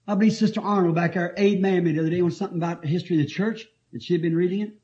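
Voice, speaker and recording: A man's voice: high voice, fairly even intonation, rapid-fire, dark tone. A man preaching a sermon, reading scripture and telling stories in an emphatic way, often laughing. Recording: dull lo-fi old tape.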